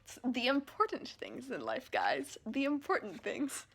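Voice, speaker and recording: High-voiced gushing woman book vlogger. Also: a little slow, slightly rough. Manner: gushing, emotional, excitable. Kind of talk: casual read-along reaction.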